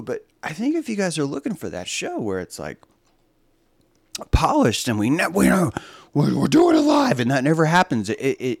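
Sarcastic, animated man on a live stream. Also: mid-range voice, normal speed, dry recording. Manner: animated, sarcastic, swings from mutters to exclamations. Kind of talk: rambling live-stream monologue.

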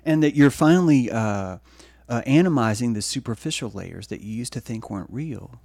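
A man's voice: mid-range voice, lively intonation, normal speed, gravelly, a little mellow, no room sound, studio quality. A male podcast host giving a rambling, profane solo monologue.

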